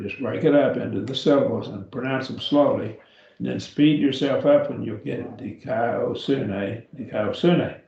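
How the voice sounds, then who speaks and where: A man with a gravelly voice leads a classroom grammar lesson, patiently breaking words into syllables. The sound is echoey and a little dull, like a lo-fi recording of a church classroom. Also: mid-range voice, a little mellow. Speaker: Greek teacher.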